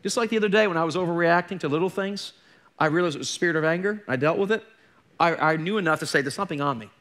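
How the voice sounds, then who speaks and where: A man's voice: on the high side, very fast, a bit bright. A middle-aged man preaching a sermon as a pastor, candid and conversational, with joking asides. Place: church.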